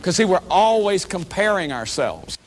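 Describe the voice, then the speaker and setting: A man with a notably high voice lectures at a self-help workshop. He is emphatic and repetitive, circling back to his points and leaning on "see" and "you know". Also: very animated, normal speed.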